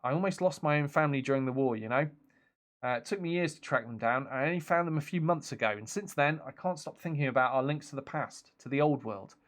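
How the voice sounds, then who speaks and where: A man's voice: fairly high pitch, quick pace, a bit bright, natural voice. A man reading aloud the lines of a weary, sentimental older male settlement leader in a game, in a plain voice with no accent attempted. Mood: reflective.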